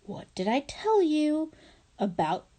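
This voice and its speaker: A woman reading aloud, voicing a stern middle-aged female school principal who scolds in slow, clipped, emphatic phrases. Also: sits high, very animated, dark tone, voice pushed up, exaggerated voice.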